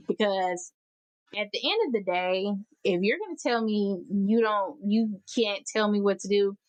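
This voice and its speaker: A woman podcast host talking straight into a dry, close mic, with no room sound at all. Her pitch sits right in the middle of the range for women. She talks in a blunt, heated way, cursing freely and stressing her points hard. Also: dry recording. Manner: blunt, profane, heated and emphatic. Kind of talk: casual advice podcast monologue.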